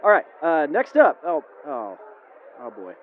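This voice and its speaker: A man's voice: fairly high pitch, wildly swooping pitch, a little slow. A man hosting a comedic live Q&A, folksy and drawling as he wrangles the crowd. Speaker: emcee host. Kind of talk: comedic live-show emcee. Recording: lo-fi phone-like audio with faint hiss.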